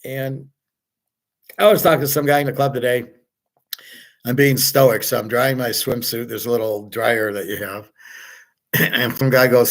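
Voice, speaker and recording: A man's voice: medium pitch, steady tone, normal speed, long pauses. A man hosting a casual monologue, talking bluntly and rambling with frequent profanity. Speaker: host.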